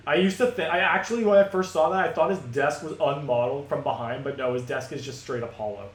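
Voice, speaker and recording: A man's voice: medium pitch, fast talker, few pauses. A man giving casual, joking and sarcastic gameplay commentary between reading dialogue aloud. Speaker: game streamer. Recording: echoey room with game music.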